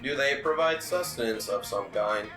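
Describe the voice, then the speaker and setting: A man voicing a curious, pedantic computer that speaks slowly and formally in a tabletop game. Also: mid-range voice, lively intonation, reverberant, music in the background, lightly acted. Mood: puzzled. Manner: slow, formal, overly literal.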